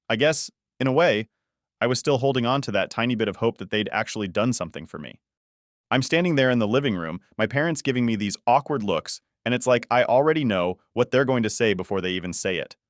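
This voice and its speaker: A man reading a first-person story as a scripted narration, in an even, measured manner. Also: mid-range voice, dry recording, clean studio sound.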